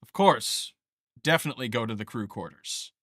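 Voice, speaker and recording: A man's voice: mid-range voice, expressive, normal speed, a bit bright, no room sound, clean studio sound. A man voicing a friendly male fort keeper who hedges with folksy fillers. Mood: helpful.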